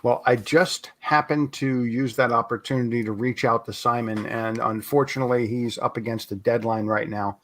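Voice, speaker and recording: A man hosting a casual livestream chat over a video call, relaxed and jokey, reading questions from the chat. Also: medium pitch, normal speed, hardly any pauses, a little hiss or hum. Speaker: host.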